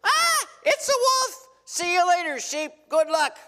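A man voicing a cowardly hired hand who runs from the wolf, in a high, flippant, shouting voice. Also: very animated, unhurried, in a large hall, full character voice.

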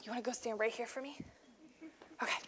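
A woman's voice: a little high, fast, long reverb tail, slight background noise. A young woman teaching children, acting out a Bible story with them in a playful, laughing way. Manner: playful, animated, laughing often.

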